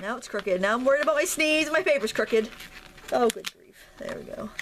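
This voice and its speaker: A woman's voice: high voice, animated, brisk, a bit bright, a little hiss or hum. A woman with a Maine accent hosting a casual crafting tutorial, chatty and self-deprecating as she thinks aloud while working. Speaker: craft video host.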